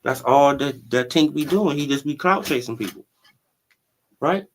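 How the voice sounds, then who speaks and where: A man's voice: mid-range voice, expressive, moderate pace, a bit bright, slight background noise. A man hosting a casual boxing commentary stream, talking animatedly in slang, laughing often and tossing in "right?" and "bro". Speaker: boxing commentary channel host.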